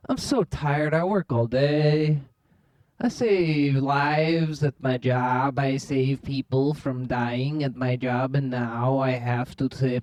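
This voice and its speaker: A man putting on the voice of an overworked, whiny foreign man who speaks slow, broken English in a plaintive tone. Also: medium pitch, darkish tone, natural voice.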